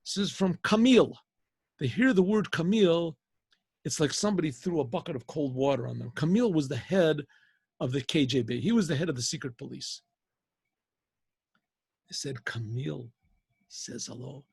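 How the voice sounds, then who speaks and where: A man, a rabbi and teacher, telling a story to his students on a video call in an animated way with many restarts. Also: on the high side, a little fast, gravelly, pauses often, breathy edge, no echo.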